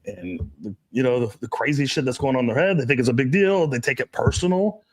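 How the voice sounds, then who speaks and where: A man hosting a podcast in casual chat, telling stories in a crude, profane, animated way. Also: medium pitch, fast talker. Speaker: podcast host.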